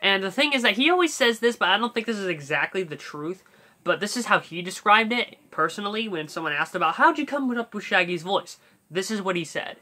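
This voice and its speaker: A man's voice: high-pitched, expressive, fast, sharp tone. A man hosting a casual voice-impression tutorial, talking in a rambling way with fillers and restarts. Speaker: YouTube voice tutorial host.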